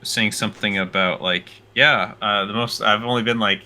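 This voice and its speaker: Male co-host, very bright and sharp tone, halting delivery with lots of fillers, laughs easily. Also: lowish voice, fairly even intonation. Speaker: co-host of a reaction show. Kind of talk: casual chat, reaction commentary.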